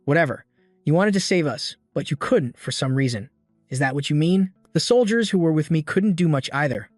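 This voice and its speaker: A man's voice: fairly high pitch, expressive, fairly quick, dry recording, soft background music. A man voicing a brash young male streamer who talks bluntly and matter-of-factly, in a recap reading.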